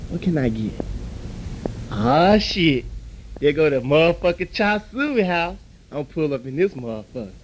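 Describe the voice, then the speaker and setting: A man acting out a comedy skit, talking loudly, profanely and with a lot of aggravation. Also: high voice.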